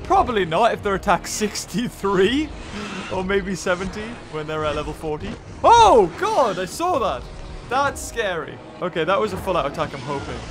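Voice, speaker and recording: A man's voice: high-pitched, lively intonation, brisk, over music. A nasal man hosting a gaming channel, short on sleep, chatting and ranting animatedly while he plays. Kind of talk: casual gaming commentary.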